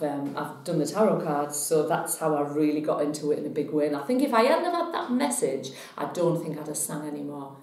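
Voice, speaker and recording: A woman telling a personal story to camera in a chatty, animated way. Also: sits low. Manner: chatty, animated when retelling. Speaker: psychic vlogger. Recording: very echoey room.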